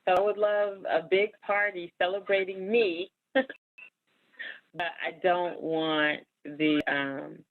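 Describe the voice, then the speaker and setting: A woman's voice: lowish voice, no room sound. Woman, 40s, podcast host; candid and emphatic, casual chat, dry lo-fi phone sound. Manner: candid, emphatic, laughs often.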